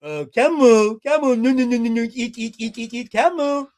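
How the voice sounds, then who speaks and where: Man putting on a tiny toddler girl, goo-goo babble, very high. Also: lively intonation, normal speed, a little mellow. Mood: babbling. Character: babbling three-year-old girl, tiny and clumsy.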